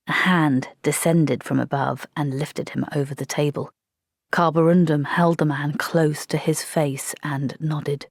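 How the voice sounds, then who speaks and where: Low, gravelly woman narrating. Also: steady tone, a little slow, dry recording, studio quality. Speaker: audiobook narrator. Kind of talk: scripted narration.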